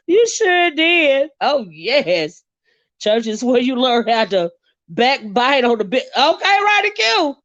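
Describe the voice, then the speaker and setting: A Southern woman hosts a casual livestream, talking straight to her viewers. She is sassy, laughs often and draws out her exclamations. Her voice sits a little high, and the recording sounds dry and a bit muffled. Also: big pitch swings, a little slow, fairly bright tone, no echo. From American South. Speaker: livestream host reading viewer comments. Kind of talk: casual chat.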